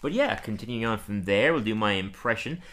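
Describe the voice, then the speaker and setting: Man, podcast co-host, casual chat, lively sing-song delivery, bright tone, frequent laughs. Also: lowish voice, fairly quick, slight background noise. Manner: laughs often, acts out quotes.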